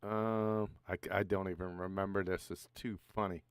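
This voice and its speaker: A man hosting a casual online panel chat, easygoing and quick to laugh. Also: low voice, level tone, smooth, dry recording, clean studio sound. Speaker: host of a live online panel.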